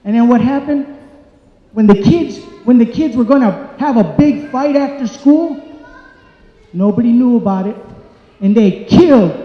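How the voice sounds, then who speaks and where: A man's voice: very high voice, a little slow, pauses often. A man giving an angry, emphatic public comment at a community meeting in a church hall, repeating his points. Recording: echoey hall, dull sound.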